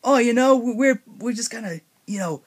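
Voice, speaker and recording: A young man voicing a loud, mocking young male bully, pitched high. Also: normal speed.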